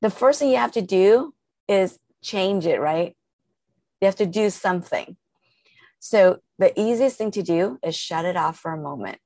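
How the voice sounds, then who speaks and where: A woman's voice: mid-range voice, expressive, moderate pace, a little mellow, dry recording. A woman guest coaching listeners in a podcast interview, explaining step by step in an earnest, instructive way with everyday examples.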